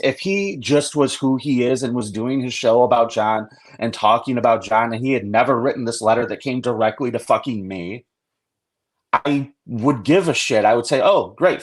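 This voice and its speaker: A man, a guest on a live stream talk show, speaking bluntly and indignantly, swearing freely and rambling as he makes his point. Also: medium pitch.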